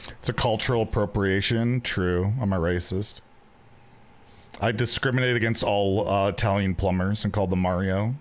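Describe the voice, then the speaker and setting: A man's voice: on the low side, steady tone, normal speed. A man, chatting casually while streaming a card game, joking and often repeating his words as he thinks aloud. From Canada. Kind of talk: casual gameplay commentary.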